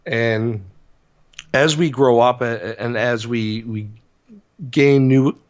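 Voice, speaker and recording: Podcast co-host, male, unhurried and halting, slightly dull lo-fi sound. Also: mid-range voice. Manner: halting, hesitant, explaining. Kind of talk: casual podcast chat.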